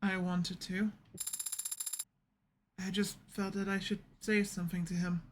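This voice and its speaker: A woman's voice: medium pitch, flat delivery, unhurried, slight background noise, lightly acted. A woman voicing a polite, inquisitive female android assistant in a live fan voice acting of a visual novel, earnest and formal. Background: game music.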